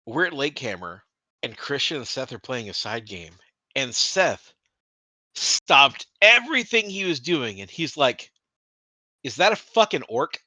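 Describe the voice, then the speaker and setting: A man co-hosting a casual hobby podcast, talking with animated energy, swearing freely and restarting sentences. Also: medium pitch, measured pace, dry recording. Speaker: podcast co-host.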